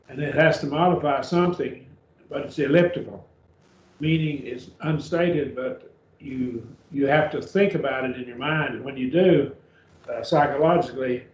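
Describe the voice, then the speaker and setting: A man teaching a Greek grammar class in a church classroom, speaking slowly and deliberately, repeating and spelling out words. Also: mid-range voice. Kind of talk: classroom lecture. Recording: echoey room, dull far-off mic, faint hiss.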